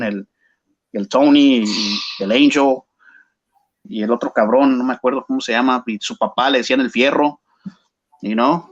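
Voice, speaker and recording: A man's voice: medium pitch, highs cut off. A man with a Chicano English accent telling a story casually, slangy and mixing English with Spanish.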